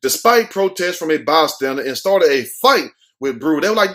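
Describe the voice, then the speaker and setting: A man's voice: sits high, lively intonation, fairly quick, few pauses. Brash, mocking man riffing on the news. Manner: loud, mocking, street slang, acts out quotes. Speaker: commentary show host. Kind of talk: comedic news commentary.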